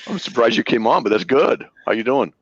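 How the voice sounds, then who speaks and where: A man hosting a casual chat, telling stories with animated quoted voices. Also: brisk, breathy edge, no echo. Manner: animated storyteller, acts out quotes in a high voice. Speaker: host. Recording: dull lo-fi dry sound.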